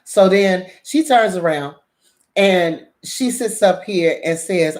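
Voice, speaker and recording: A middle-aged woman telling a neighborhood story to her viewers, animated and profane, acting out everyone's lines. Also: medium pitch, a little slow. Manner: animated, profane, acts out quotes. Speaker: drama vlogger.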